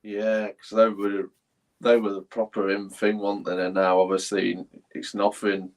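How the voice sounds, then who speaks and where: A man's voice: lowish voice, monotone, normal speed. A man joining a casual live-stream chat as a guest over a video call. He is easygoing and laughs along.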